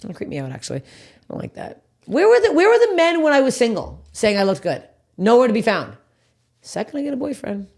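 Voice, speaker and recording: A woman hosting a podcast in casual chat, teasing her guest with wry, quick banter. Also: a little high, huge pitch swings, vocal fry, a little mellow. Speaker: podcast host.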